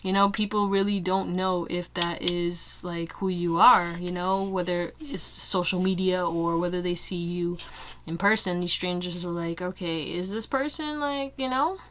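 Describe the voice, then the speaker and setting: A young woman giving a casual pick-a-card tarot reading, chatty and quick to laugh, full of fillers. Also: lowish voice, flat delivery, slight background noise. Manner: chatty, laughs often, many fillers like "like" and "you know". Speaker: tarot reader.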